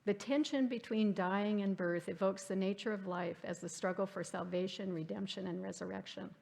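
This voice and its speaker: Woman lecturer, mid pitch, gravelly edge; thoughtful, reads quotes aloud. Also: steady tone, normal speed, darkish tone. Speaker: lecturer at a church forum. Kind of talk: literary lecture. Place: church hall.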